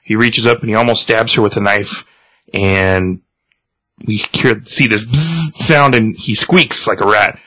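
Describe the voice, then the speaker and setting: Low-voiced man retelling a comic. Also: pushed and bright, dry recording, low-quality recording. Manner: halting, many ums and restarts. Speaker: podcast host reading a comic aloud. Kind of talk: casual retelling of a comic book.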